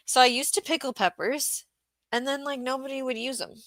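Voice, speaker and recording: A woman's voice: high-pitched, lively intonation, moderate pace, a bit bright, no room sound. A woman hosting a casual livestream about market gardening, chatting and reading viewer comments aloud.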